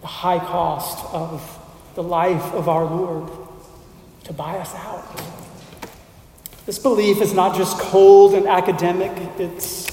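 A male pastor with a high, mellow voice preaches an unhurried sermon, pausing between phrases and building emphatic lists. He sounds a little distant from the mic, and his voice rings through a large, reverberant church hall. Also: flat delivery, slight background noise. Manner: measured preaching with deliberate pauses and emphatic lists.

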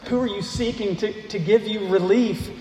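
A man preaching a sermon, speaking slowly and deliberately and asking rhetorical questions of the congregation. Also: high voice, dark tone, soft background music. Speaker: pastor. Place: church sanctuary. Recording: echoey hall, faint noise.

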